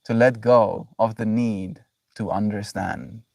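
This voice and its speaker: Male streamer, lowish voice, reflective and affectionate, dry sound a little off mic. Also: steady tone, slow, vocal fry, a little mellow, dry recording, far from the mic. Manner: reflective, repeats "right?", effusive affection. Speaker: daily livestreamer. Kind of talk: casual spiritual livestream talk.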